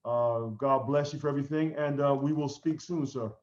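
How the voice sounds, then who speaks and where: A man hosting a podcast interview, speaking in a formal, courteous way with many pauses filled by ums and uhs. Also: medium pitch, fairly even intonation, a little mellow. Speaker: podcast host. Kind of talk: interview sign-off. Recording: echoey, dull lo-fi room audio.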